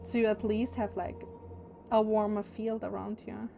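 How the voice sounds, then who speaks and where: A woman's voice: mid-range voice, flat delivery, normal speed, vocal fry, warm tone, faint music behind. A young woman streamer chatting casually and candidly, opinionated and swearing freely. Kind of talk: casual livestream chat.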